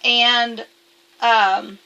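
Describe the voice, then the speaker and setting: A woman with a bright, slightly high voice talks straight to camera, rambling and restarting as she defends herself. Her delivery is emphatic and a little defensive. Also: little pitch movement, very slow, smooth, dull audio. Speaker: vlogger. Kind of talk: casual monologue to camera.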